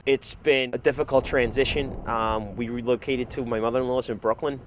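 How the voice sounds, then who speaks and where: A man's voice: mid-range voice, steady tone, a little fast, a little hiss or hum. A man in his thirties, a father of two, speaking conversationally with frequent ums. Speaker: parent and resident. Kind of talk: casual interview.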